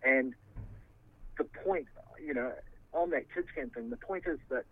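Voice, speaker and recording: A man's voice: a little high, very animated, unhurried, vocal fry. A man, defending himself in a heated interview, swearing and restarting his sentences. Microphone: phone. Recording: tinny phone line.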